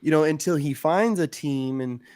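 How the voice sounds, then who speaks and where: Relaxed rambling man on a dry mic. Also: a little high, moderate pace, clear, resonant tone, dry recording. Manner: relaxed, rambling, conversational, casual slang. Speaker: podcast co-host, former youth coach. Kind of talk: casual podcast chat.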